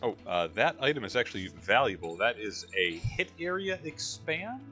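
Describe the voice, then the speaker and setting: A man's voice: medium pitch, big pitch swings, moderate pace, bright, forceful tone, faint music behind. A man hosting a let's play, giving casual gameplay commentary with wry, joking asides.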